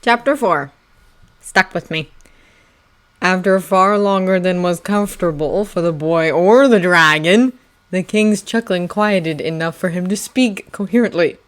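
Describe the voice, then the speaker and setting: A woman narrating a fanfiction audiobook with a steady, expressive reading. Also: on the low side, unhurried. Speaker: audiobook reader.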